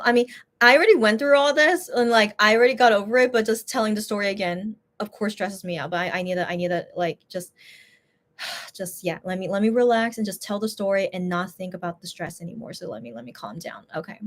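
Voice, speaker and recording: A woman who runs a shop, casually telling a story in an animated, exasperated way, with many restarts. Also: mid-range voice.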